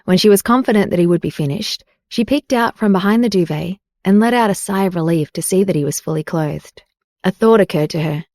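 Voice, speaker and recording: A woman reading a romance audiobook as narrator, in an even, unhurried way. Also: on the low side, no echo, studio quality. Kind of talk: scripted narration.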